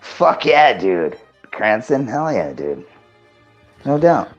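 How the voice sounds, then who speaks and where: A man's voice: mid-range voice, big pitch swings, slow, lo-fi sound, faint music behind. A man with a Rhode Island accent, chatting casually in profane, laid-back slang. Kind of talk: casual chat.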